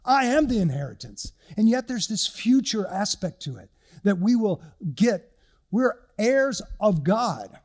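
A man's voice: high voice, expressive, slow pace, a little mellow. An older male pastor delivering an earnest, conversational sermon with personal stories.

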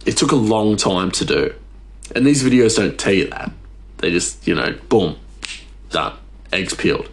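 A man's voice: low voice, lively intonation, unhurried, creaky, long pauses. A man hosting a podcast, ranting casually in a rambling, exasperated way, his voice jumping up for emphasis. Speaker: podcast host. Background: faint music.

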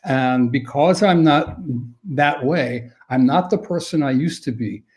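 An older man sharing caregiving advice on dementia in a thoughtful, halting way with frequent restarts. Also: medium pitch, a little mellow. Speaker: dementia care expert guest. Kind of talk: conversational advice on a live stream.

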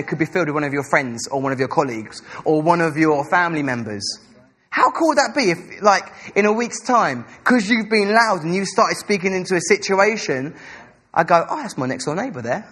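A young English man preaching a sermon at a church service, excitable and rambling, restarting his sentences. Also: high-pitched. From England.

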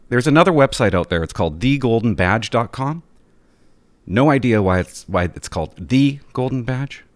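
A man talking straight to his viewers in an exasperated, animated way, ranting about his pet peeves and telling stories. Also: mid-range voice, no echo. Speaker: vlogger. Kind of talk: casual ranting monologue.

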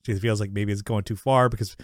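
A man on the lower side of the pitch range speaks fast with fairly even intonation, in clean studio audio free of echo. As a podcast co-host in casual chat, he rambles through a sitcom episode recap, frequently laughing and acting out characters' lines.

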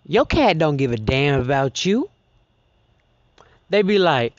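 A teenage high school student ranting casually on a podcast, profane and dramatic. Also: big pitch swings, takes it slowly, pauses often, dry recording, lo-fi sound. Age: teens. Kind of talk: casual rant.

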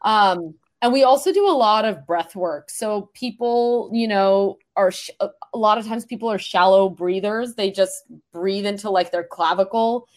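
A woman voice coach chatting on a podcast, animated and demonstrative, laughing often. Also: medium pitch, moderate pace, hardly any pauses. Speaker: voice coach guest. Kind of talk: casual podcast conversation.

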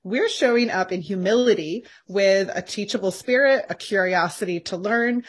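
Animated woman podcast co-host. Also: normal speed, slightly rough. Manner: animated, laughs often, lively pitch jumps. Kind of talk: casual faith-based podcast chat.

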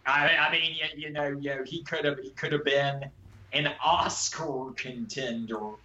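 A man on a film podcast speaking slowly and deliberately in a casual discussion. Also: fairly high pitch, fairly even intonation, pushed and bright. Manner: slow, deliberate and measured. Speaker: podcast co-host. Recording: dull, echoey room sound.

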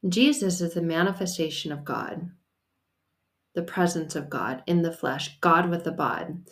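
A woman's voice: fairly low pitch, unhurried. A woman hosting a solo faith podcast, talking in a casual, emphatic and playful way with the odd curse word. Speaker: podcast host and faith coach.

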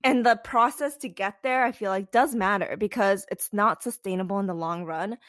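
A young woman co-hosting a podcast in casual chat, swearing freely and acting out quotes with big pitch jumps. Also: normal speed, a bit bright, dry recording. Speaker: podcast co-host.

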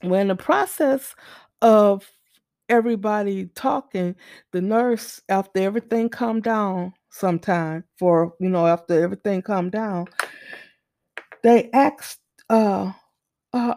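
A woman's voice: medium pitch, a little slow, warm tone, no room sound, studio quality. A mother telling a faith testimony in an earnest, storytelling way, often repeating and restarting her words. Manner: earnest, repeats and restarts, acts out quoted voices.

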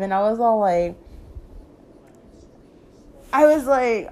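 A woman's voice: a little high, expressive, measured pace, pauses often, darkish tone. A young woman telling a story in a casual, slangy way, full of fillers, acting out her friends' lines.

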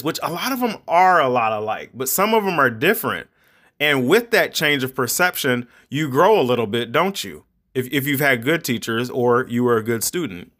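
Middle-aged male podcast host, mid-pitched, loose and rambling, lectures parents like a preacher. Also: sing-song, normal speed, a bit bright. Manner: rambling, conversational, preachy advice. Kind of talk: casual monologue podcast.

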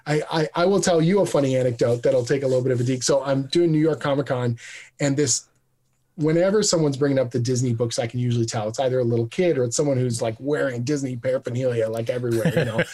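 A man, a guest comic writer, telling a lively anecdote in casual chat and acting out the quoted voices. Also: mid-range voice, quick pace. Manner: animated storyteller, acts out quoted voices.

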